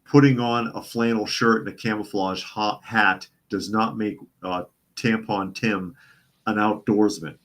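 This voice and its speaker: A man's voice: on the low side, fairly even intonation, measured pace, a bit bright. A man hosting a casual news commentary show, sarcastic and often repeating his phrases for emphasis. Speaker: host.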